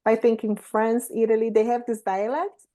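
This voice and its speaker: Brazilian woman, native Portuguese speaker, host, higher mellow voice, measured and thoughtful. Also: flat delivery. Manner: thoughtful, measured explaining with fillers. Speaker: interview host. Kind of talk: casual chat.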